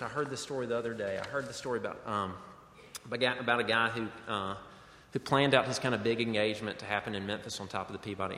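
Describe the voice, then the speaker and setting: A man's voice: mid-range voice, sharp tone, slight background noise. A man preaching a sermon as pastor, earnest and conversational, in a church sanctuary. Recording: echoey hall with long reverb.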